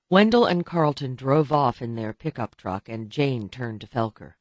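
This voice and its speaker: A man narrating a novel as an audiobook reader, in a steady, even storytelling manner. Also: mid-range voice, moderate pace, few pauses, dry recording. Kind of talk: scripted narration.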